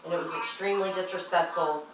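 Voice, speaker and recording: A woman's voice: lowish voice, fairly even intonation, fast talker. A young woman arguing with her mother on the phone, pleading and tearful as she tries to explain herself. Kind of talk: emotional phone argument. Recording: echoey room, voice from far off, faint noise.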